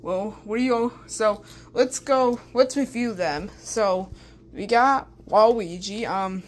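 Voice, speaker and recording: A woman's voice: medium pitch, slow. Gushing woman at a noisy unboxing. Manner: gushing, keeps repeating exclamations. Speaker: unboxing vlogger. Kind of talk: excited unboxing chat.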